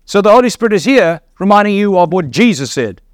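A man delivers a sermon in a fairly high voice, teaching earnestly and posing rhetorical questions to his listeners. The sound is dry and close, with no room echo. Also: sing-song, quick pace. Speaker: preacher.

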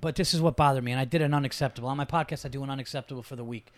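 A man hosting a podcast, telling animated, profanity-laced stories in casual chat. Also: medium pitch, racing. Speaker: podcast host.

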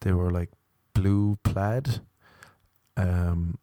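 A man's voice: sits low, fairly even intonation, drawn-out words, dark tone, dry recording, clean studio sound. An Irish man hosting a podcast, telling rambling, self-deprecating stories in a casual, comedic way. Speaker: podcast host.

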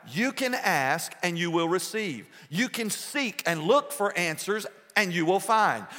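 A male pastor preaching a passionate sermon, swinging between soft, low passages and loud bursts. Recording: long hall reverb.

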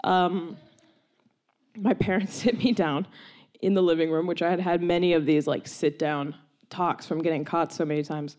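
A young woman telling a long personal story, animated and laughing often, with many "like"s and quoted voices. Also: fairly low pitch, normal speed.

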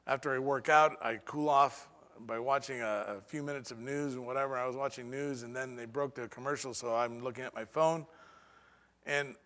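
A man preaching a sermon as pastor, with dramatic pauses and sudden swings between soft and loud delivery. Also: medium pitch, big-room sound.

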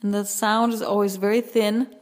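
A woman vocal coach hosting a podcast, teaching slowly and gently and demonstrating vocal sounds. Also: medium pitch, level tone, big-room sound. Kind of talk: voice lesson with sung demonstrations.

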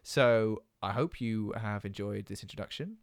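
A man's voice: on the low side, moderate pace, vocal fry, dry recording, clean studio sound. A man hosting a casual comedy podcast who talks hesitantly, with many ums. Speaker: podcast host.

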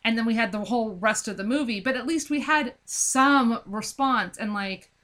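Woman, slightly high voice, bright tone, animated book chat. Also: normal speed. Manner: animated, acts out scenes, many "like" fillers. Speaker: book discussion co-host. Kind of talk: casual chat.

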